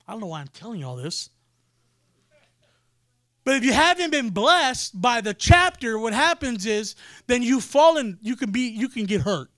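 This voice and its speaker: High-voiced man preaching a sermon. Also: normal speed, no echo, clean studio sound. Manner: animated storyteller, acts out quoted voices. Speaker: pastor. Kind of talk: sermon storytelling.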